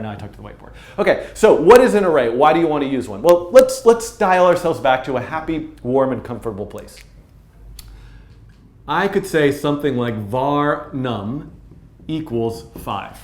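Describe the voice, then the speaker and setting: A man's voice: medium pitch, a little mellow. Playful man teaching code in a roomy studio. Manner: playful, self-mocking, thinks aloud with restarts. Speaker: programming teacher. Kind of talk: informal coding lesson at a whiteboard. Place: studio room with whiteboard. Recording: roomy echo.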